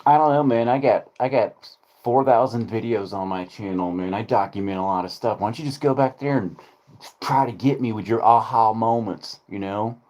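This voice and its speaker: A man's voice: fairly low pitch, moderate pace, a little mellow. A man ranting casually on his channel, rambling and profane. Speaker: streamer.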